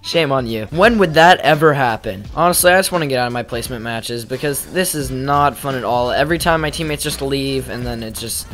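Talking a little fast with hardly any pauses, this young man has a mid-range, slightly bright voice, and faint music plays behind him. He's a gaming YouTuber at his home setup, speaking into a desk mic with a pop filter as he rambles over gameplay, self-deprecating and prone to jumpy exclamations.

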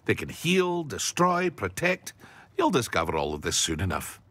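A man's voice: lowish voice, huge pitch swings, moderate pace, fairly bright tone, exaggerated voice. An actor playing a talkative, enthusiastic male potion shopkeeper in a video game, proud of his craft. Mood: chatty. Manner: talkative, enthusiastic, a bit fussy.

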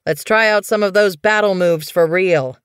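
A woman's voice: low voice, measured pace, no room sound, clean studio sound. A woman voicing a stern, harsh male cat warrior who growls his commands in an audiobook. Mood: eager. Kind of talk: audiobook character voice.

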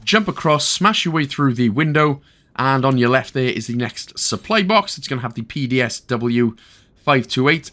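A man's voice: mid-range voice, animated, moderate pace, a bit bright. A man from Wales talking through a game walkthrough, chatty and joking with the player as he goes. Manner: chatty, jokey asides, talks to the player. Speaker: game guide narrator. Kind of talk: casual game walkthrough commentary.

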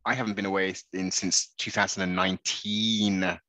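A man's voice: sits low, level tone, moderate pace, sharp tone, no room sound. A man from the United Kingdom hosting an interview, mostly giving short agreements and adding brief stories. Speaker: interview host. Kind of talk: casual interview.

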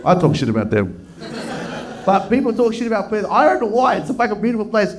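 A man doing a stand-up comedy set, brash and profane, teasing the crowd and breaking into shouts. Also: high-pitched, very animated, fast talker. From Melbourne, Australia. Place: comedy club stage.

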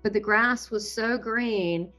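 A woman giving a personal testimony as a guest, animated and full of awe, often breaking into laughter. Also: a little high, slow, faint music behind. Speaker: near-death experiencer guest.

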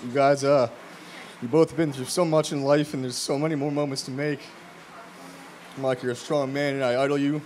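A young man, brother of the groom, giving a jokey, upbeat wedding toast with some halting and fillers. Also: medium pitch, level tone, darkish tone, a little hiss or hum. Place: wedding reception.

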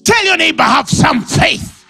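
High-voiced Ugandan preacher, animated. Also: male voice, unhurried, vocal fry, faint music behind. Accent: Ugandan English. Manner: animated preaching, shouts and laughs, acts out callers. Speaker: pastor. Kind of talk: sermon.

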